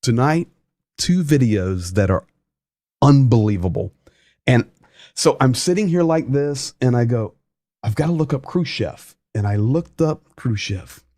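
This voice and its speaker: Male livestream host, unhurried and emphatic, reads out comments, dry close mic. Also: medium pitch, animated, mellow, no echo. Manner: reads viewer comments aloud, chatty and emphatic.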